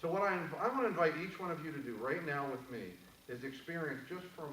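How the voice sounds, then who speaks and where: A man's voice: a little high, expressive, fast, hardly any pauses, fairly bright tone, a little hiss or hum. Male motivational speaker, earnest storyteller, recorded from a distance in an echoey room. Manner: earnest, storytelling, guides the audience through a breathing exercise. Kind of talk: inspirational talk to a live audience. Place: event room.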